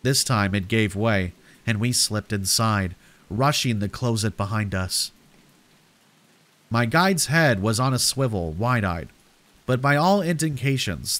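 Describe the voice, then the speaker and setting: A man reading a horror story aloud in a steady, measured narration meant for sleep. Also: medium pitch. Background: rain.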